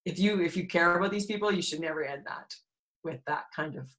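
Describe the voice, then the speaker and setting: A woman in her forties from Alberta, a podcast guest telling a personal story in a candid, animated way and laughing between heavy moments. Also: fairly low pitch, fairly quick, rough recording. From Alberta, Canada.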